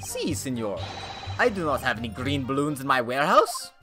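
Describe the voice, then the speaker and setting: A man's voice: mid-range voice, sing-song, normal speed, lightly acted. A man voicing a boastful, dismissive Italian balloon showman with a thick put-on accent, over game music. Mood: evasive. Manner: dismissive and scornful. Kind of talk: game playthrough voice acting.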